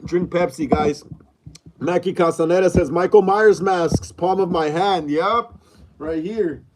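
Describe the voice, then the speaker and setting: A man's voice: sits high, unhurried, background noise. Upbeat man hosting a home livestream. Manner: repetitive, upbeat greetings while reading chat aloud. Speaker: livestream host. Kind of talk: casual live-stream chat. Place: room at home, mid-move.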